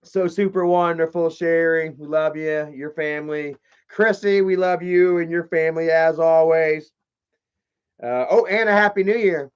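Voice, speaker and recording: Rambling, profane man with a high voice. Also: measured pace, smooth, highs cut off. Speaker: live streamer opening fan mail. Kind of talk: casual live-stream chat.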